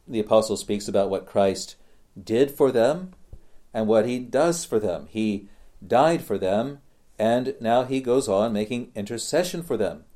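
A man preaching a sermon, slow and deliberate, repeating phrases for emphasis. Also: mid-range voice, mellow.

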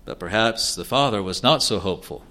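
A man preaching an expository sermon in an earnest way, asking rhetorical questions and answering them, sometimes halting and restarting. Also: lowish voice, expressive, bright, forceful tone.

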